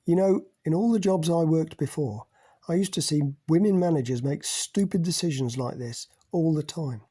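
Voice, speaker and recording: A forceful middle-aged leader lectures and accuses, rising hard on his key words, as a man reads him. The voice is husky and mellow, a little high for a man. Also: normal speed. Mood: scornful.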